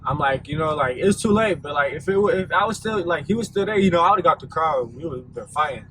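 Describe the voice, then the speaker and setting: A man's voice: fairly high pitch, lively intonation, quick pace, a bit bright, rough recording. A young man casually telling a storytime vlog, laid-back and rambling with lots of fillers. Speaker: vlogger. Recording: audible background noise.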